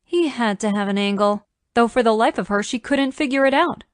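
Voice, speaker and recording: A woman narrating a romance audiobook in a measured storytelling manner. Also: on the high side, no echo, clean studio sound.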